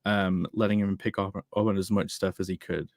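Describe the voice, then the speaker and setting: A man's voice: deep voice, level tone, moderate pace, no room sound, studio quality. A man chatting casually about a comic, enthusiastic and laughing often. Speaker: streamer discussing a comic. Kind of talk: casual chat.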